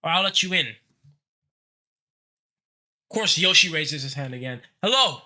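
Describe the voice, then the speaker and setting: A man's voice: fairly high pitch, expressive, measured pace, pushed and bright. A man hosting a live online Q&A in a brash, joking way, swearing casually as he talks. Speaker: host of a live Q&A.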